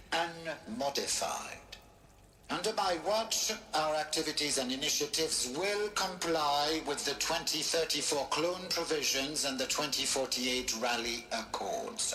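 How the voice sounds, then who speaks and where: An actor playing a proud, formal male scientist who leads a program, speaking in measured, grandiose tones in a video game scene. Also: fairly high pitch, bright, forceful tone, full character voice. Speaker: program director giving a recorded welcome address. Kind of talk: video game cutscene dialogue. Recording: roomy echo with faint music behind.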